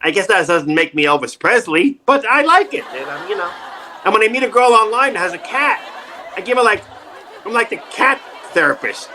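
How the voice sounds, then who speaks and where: A man who coaches actors tells self-mocking funny stories on a video call, breaking into laughter and putting on the voices of the people he quotes. His voice is high and bright. Faint crowd murmur and a light noise hang behind him. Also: expressive, a little fast. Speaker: acting coach. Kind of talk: comic storytelling interview.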